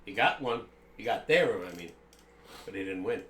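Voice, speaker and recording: A man's voice: on the low side, expressive, normal speed, a bit bright. An older man co-hosting a live sports stream, talking baseball in an easygoing, reminiscing way. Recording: roomy echo with faint background noise.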